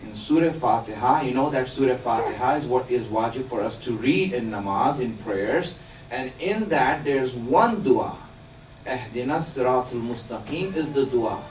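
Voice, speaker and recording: A man's voice: mid-range voice, lively intonation, normal speed. Man, religious teacher, explains and quizzes listeners, echoey indoor hall, faint background hiss. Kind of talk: religious lesson to a live group. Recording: echoey room, distant mic.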